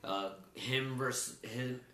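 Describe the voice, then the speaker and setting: A man talks sports in a loose, casual way, full of fillers and restarts. His voice is bright and forceful, and the room around him rings with echo. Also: mid-range voice, steady tone, slow pace. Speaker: sports talk co-host. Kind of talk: casual chat. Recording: roomy echo.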